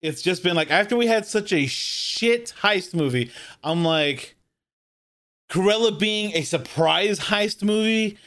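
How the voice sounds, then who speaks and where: A man co-hosting a casual chat, rambling and animated with many restarts. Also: sits high, slow pace. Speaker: podcast co-host.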